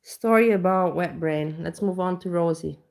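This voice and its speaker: A woman's voice: lowish voice, normal speed, vocal fry, a little mellow. A woman vlogger chatting casually at home, telling a rambling, self-mocking story full of restarts. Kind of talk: casual reaction chat. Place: home kitchen.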